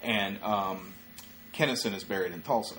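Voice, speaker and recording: A man with a low-pitched voice chatting loosely as a podcast co-host, trailing off and filling pauses as he goes. He sounds middle-aged and unhurried, and a faint hiss of noise sits under the recording. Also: a bit bright. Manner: loose and rambling, with frequent filler words. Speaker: stand-up comedian, podcast co-host. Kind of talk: casual chat.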